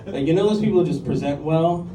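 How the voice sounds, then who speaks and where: A fiftysomething man with a fairly high voice talks fast through a chatty, self-deprecating stand-up set on a comedy club stage, his delivery full of ums and likes. He's recorded from a distance in an echoey club room. Audience laughter and room ambience make the background noisy.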